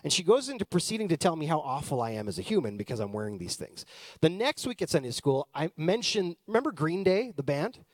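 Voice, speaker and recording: A Canadian pastor in his thirties tells a personal story in a chatty, animated sermon style. His voice sits a little high and he talks fast. The recording is clean studio sound with no echo.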